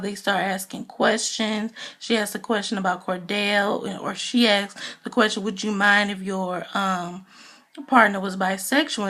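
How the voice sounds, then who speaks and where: A woman's voice: medium pitch, fairly bright tone. A woman giving a casual, gossipy recap of a reality TV episode, talking loosely with lots of "you know" fillers. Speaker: TV show reviewer.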